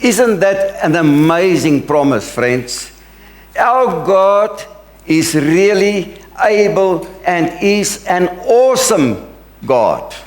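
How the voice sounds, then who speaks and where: A man's voice: on the high side, echoey room. A middle-aged man, a pastor, preaching a sermon in an earnest, emphatic way. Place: church sanctuary.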